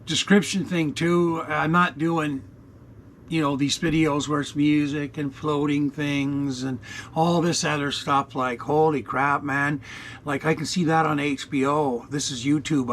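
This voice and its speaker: A gravelly-voiced man in his sixties, talking off the cuff into an action camera inside his RV. He rambles, swears freely and fills the gaps with "uh" and "you know", pitched a touch higher than most men, with faint room hiss behind. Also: fairly bright tone. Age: 60s. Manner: rambling, blunt and profane, many fillers. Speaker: vlogger. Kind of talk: unscripted rambling vlog.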